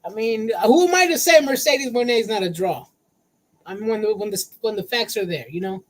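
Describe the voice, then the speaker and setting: A man co-hosting a casual wrestling talk show, excitable and slangy, calling his partner bro. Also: high voice, brisk, rough recording. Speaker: podcast co-host.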